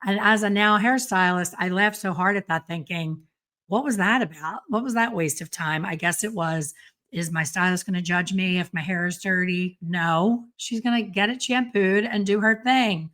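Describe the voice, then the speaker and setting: A middle-aged woman hairstylist hosting a casual solo podcast, chatty and self-deprecating with quick asides. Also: medium pitch, a bit bright. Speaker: podcast host and hairstylist educator.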